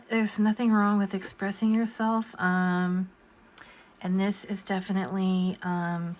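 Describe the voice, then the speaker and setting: A woman's voice: on the low side, fairly bright tone. An older woman talking casually while she draws at home, rambling and hesitant with many fillers. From USA. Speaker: coloring book artist. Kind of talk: casual talk while drawing. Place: home, at a drawing desk.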